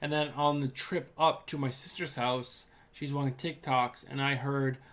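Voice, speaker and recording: A man's voice: medium pitch, steady tone, moderate pace, fairly bright tone. A man in his thirties co-hosting a casual podcast. He rambles loosely and often restarts his sentences. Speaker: podcast co-host. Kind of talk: casual chat.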